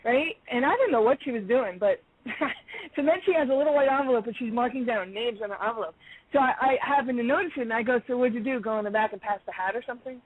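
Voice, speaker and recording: A woman caller telling a story in a casual, animated way, acting out the dialogue and laughing often. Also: on the high side, fast talker. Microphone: phone. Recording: tinny phone line.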